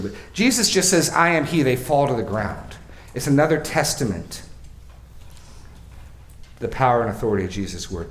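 A male pastor preaching an expository sermon, swinging from quiet, slow remarks to loud, emphatic readings and acted-out quotes. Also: mid-range voice, roomy sound, slight background noise.

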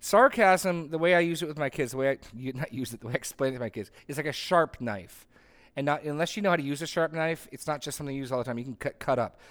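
A man's voice: fairly high pitch, fast, a bit bright. A middle-aged man leading a Bible study as its pastor, conversational and full of restarts and asides while teaching a group.

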